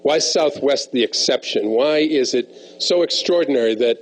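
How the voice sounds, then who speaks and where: A man's voice: medium pitch, rough recording. A male interviewer pushes his guest with probing questions. He stumbles and restarts a few times as he builds his point. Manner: probing, slightly halting questioner.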